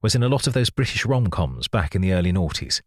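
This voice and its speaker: A man voicing an outgoing young husband in a storybook. He talks with eager enthusiasm, a little higher than the deep narration, recorded dry and close. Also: sing-song, fast talker, dry recording. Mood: enthusiastic. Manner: enthusiastic, chatty.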